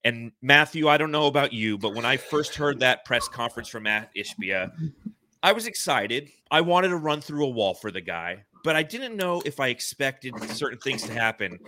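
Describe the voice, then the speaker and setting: A young man co-hosting a late-night live sports podcast, excited and dramatic, repeating words when he rushes. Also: mid-range voice, slight background noise. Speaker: podcast co-host.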